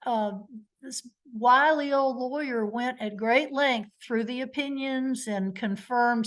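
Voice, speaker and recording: A woman's voice: on the high side, takes it slowly, fairly bright tone. A middle-aged woman lawyer giving a live webinar lecture, telling stories and acting out courtroom exchanges. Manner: storytelling, acts out witness and lawyer exchanges. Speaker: trial lawyer giving a legal education talk.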